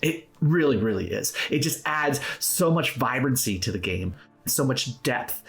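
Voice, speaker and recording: A man hosting a tabletop roleplaying tips video, talking casually and encouragingly to camera in an upbeat, conversational way. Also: a little high. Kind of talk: casual instructional talk to camera.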